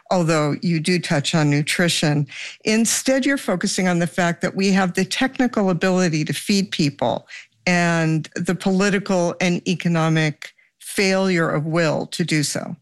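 An interviewer asking measured, probing questions. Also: medium pitch, no echo.

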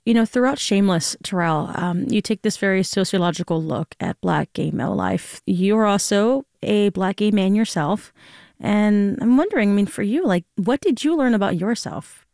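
A woman's voice: medium pitch, animated, moderate pace, vocal fry, darkish tone, dry recording, clean studio sound. A woman hosting a public radio morning show, interviewing a guest and chatting with a colleague in a friendly, easygoing way. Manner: friendly, chatty, laughs easily. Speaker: radio morning news host. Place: radio studio. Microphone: studio microphone.

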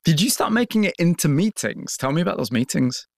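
A man's voice: fairly high pitch, lively intonation, brisk, creaky, no room sound, clean studio sound. A man interviewing a guest, following up with probing questions in a conversational way.

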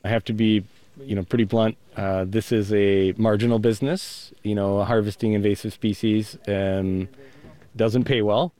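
Guy out on a boat on a lake, low voice, laid back and blunt. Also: fairly even intonation, moderate pace, dark tone. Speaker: crayfish harvester. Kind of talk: interview clips. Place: outdoors on a lake in a small boat.

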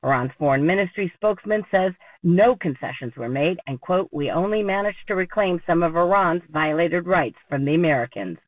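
A woman foreign correspondent filing a steady, scripted news report. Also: lowish voice, moderate pace, hardly any pauses, no room sound. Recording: tinny phone-line audio.

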